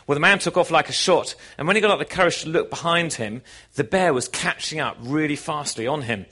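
A man preaching to his congregation, telling a story with animated, folksy delivery. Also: on the high side, fairly quick. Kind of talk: sermon with a joke.

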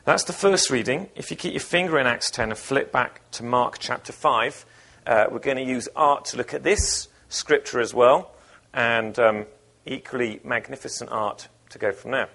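Gravelly, husky pastor giving a sermon. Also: male voice, mid-range voice, moderate pace. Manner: relaxed and conversational, with frequent filler words. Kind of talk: sermon with scripture reading.

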